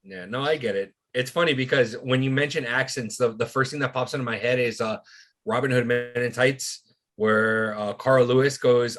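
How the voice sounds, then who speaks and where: A man's voice: medium pitch, steady tone, normal speed, fairly bright tone. A man hosting a casual podcast chat, laid-back, swearing often and restarting his sentences. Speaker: podcast host.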